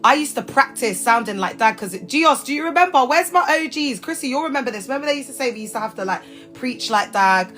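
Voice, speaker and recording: A British woman hosting a casual livestream chat, her voice sitting a bit high for a woman. She talks in loose, animated slang and laughs a lot. There's soft music playing faintly behind her. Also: fast. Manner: chatty and animated, laughs often, heavy slang. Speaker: livestream host.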